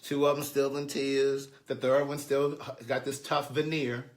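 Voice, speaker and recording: A man telling a comic story, acting out pleading students in a higher voice and answering them low and stern. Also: little pitch movement, a little slow. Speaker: storyteller recounting a teaching day.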